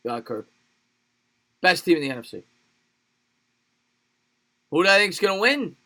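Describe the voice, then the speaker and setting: A man's voice: sits high, sing-song, a little slow, sharp tone. A man doing casual play-by-play football commentary on a livestream, chatting with viewers between plays and laughing often. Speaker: livestream sports play-by-play host. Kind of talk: play-by-play commentary mixed with live chat replies.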